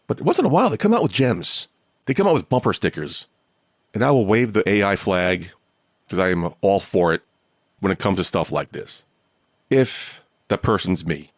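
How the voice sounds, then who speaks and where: Podcast host, male, low voice, dry close sound, candid rambling monologue. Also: dry recording. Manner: candid, rambling, self-deprecating. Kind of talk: casual solo monologue.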